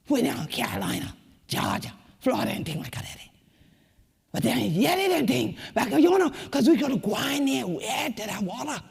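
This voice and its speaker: Chanting Gullah Geechee woman, raspy voice. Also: on the high side, long reverb tail. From Sea Islands of the American Southeast. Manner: rhythmic, chanting, dramatic shifts between whispers and shouts. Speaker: community leader and keynote speaker. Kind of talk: spoken-word keynote performance.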